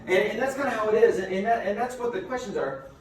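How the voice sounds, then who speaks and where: A man giving a motivational seminar as a business coach, a lively storyteller who asks his listeners rhetorical questions. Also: high voice, fast. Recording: very echoey room, mic far off, faint noise.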